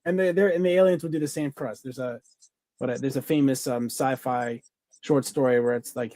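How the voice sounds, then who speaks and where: This man, co-hosting a podcast, talks briskly in a medium pitch with a dark tone, and there's no room sound. The chat is a casual, rambling review, eager and peppered with fillers and false starts.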